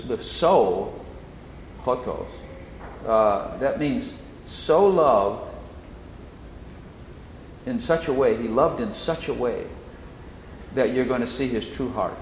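A man teaching the Bible in sermon style, slowly explaining and repeating key phrases. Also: fairly low pitch. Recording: echoey hall, faint noise.

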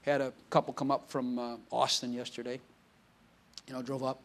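A man's voice: medium pitch, level tone, moderate pace. A male pastor preaching a casual, conversational sermon, telling stories with quoted dialogue and laughing often.

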